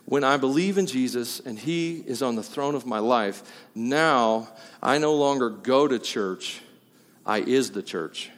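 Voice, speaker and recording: A man's voice: medium pitch, unhurried. Emphatic preacher man in a reverberant hall. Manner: emphatic, jokey asides, swings between loud and quiet. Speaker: pastor. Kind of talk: sermon. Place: church hall.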